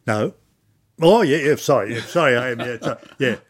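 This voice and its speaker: An older Australian man telling stories in an oral history interview, chatty and animated, acting out old conversations. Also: mid-range voice, moderate pace, breathy edge. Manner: chatty storyteller, acts out dialogue.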